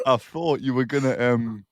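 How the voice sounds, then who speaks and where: Husky guy on a podcast, laughs at himself, dry sound. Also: medium pitch, no echo. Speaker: podcast guest. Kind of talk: casual chat.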